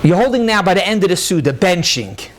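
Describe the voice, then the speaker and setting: Man, rabbi, high voice, brisk halachic lecture, quotes sources, Hebrew and Yiddish terms in English. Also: big pitch swings, noisy background. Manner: brisk, explanatory, quotes sources and answers questions. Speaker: rabbi teaching a class. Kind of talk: halachic lecture to a live audience.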